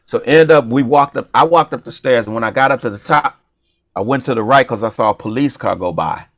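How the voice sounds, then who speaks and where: A man's voice: medium pitch, brisk, no room sound. A man chatting casually as a co-host, spinning a comic story with playful energy and putting on voices for the people in it. His voice sits mid-range and sounds close and dry, with no room around it. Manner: animated, playful, acts out dialogue. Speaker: comedian and show co-host.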